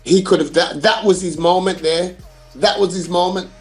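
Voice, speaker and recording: A man's voice: sits high, steady tone, normal speed, faint music behind. A man co-hosting a casual football podcast, speaking emphatically, repeating his points and using slang like "bruv" and "innit". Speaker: podcast co-host.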